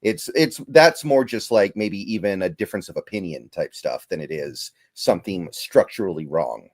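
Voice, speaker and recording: A man's voice: sits low, lively intonation, moderate pace. A man hosting a casual sports talk stream, thoughtful with stammering restarts. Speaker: podcast host.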